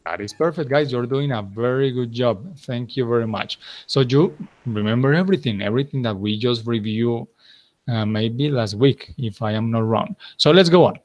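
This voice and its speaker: Patient Colombian male English teacher. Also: mid-range voice. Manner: patient, encouraging, corrects slowly. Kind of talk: online class teaching.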